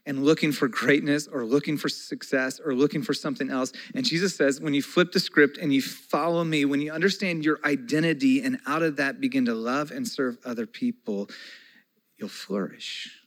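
A man in his forties preaching a conversational sermon as a pastor, moving between soft, slow passages and loud, excited ones. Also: medium pitch, poor audio.

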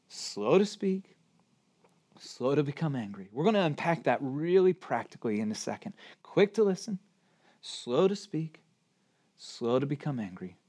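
High voiced guy preaching a sermon, pastor vibe, animated, asks lots of rhetorical questions, hits words hard.

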